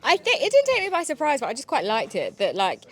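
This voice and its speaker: Soft-spoken woman, high voice. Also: huge pitch swings, fast talker. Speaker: actor. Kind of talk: press event interview.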